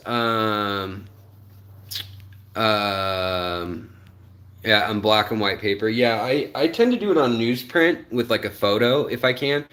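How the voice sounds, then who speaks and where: A man with a slightly low voice hosting a relaxed live stream from home. He rambles with plenty of "um"s and "uh"s and calls out viewers in the chat by name. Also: a little slow. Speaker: livestream host.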